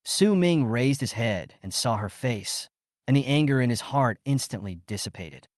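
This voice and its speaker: A man reading a scripted story recap as its narrator, in a steady storytelling manner. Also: medium pitch, moderate pace, no echo, studio quality.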